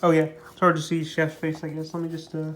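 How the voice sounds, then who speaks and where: A man's voice: a little high, completely flat delivery, fast, a bit bright. A man giving a casual comic book review, rambling with lots of fillers and repeating his praise. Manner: rambling, heavy on fillers like "basically" and "like". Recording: roomy echo.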